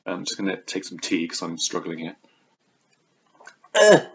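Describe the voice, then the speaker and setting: Brief: lower-voiced man, theatrical book vlogger, muffled lo-fi recording. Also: little pitch movement, fairly quick, a bit bright. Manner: chatty and theatrical, slipping into exaggerated quoted voices. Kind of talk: casual book review vlog. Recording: dull lo-fi recording.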